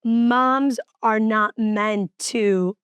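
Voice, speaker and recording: A woman's voice: fairly high pitch, steady tone, very slow, a bit bright, clear, resonant tone, dry recording. A woman hosting a podcast, speaking in a casual chat, making her points emphatically and building her argument step by step. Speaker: podcast host.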